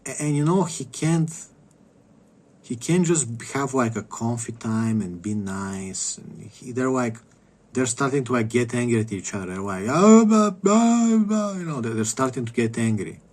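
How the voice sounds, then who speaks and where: A man streaming a game, rambling in a profane, contemptuous rant that keeps trailing off into low mutters. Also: moderate pace, darkish tone. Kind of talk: casual rant while gaming.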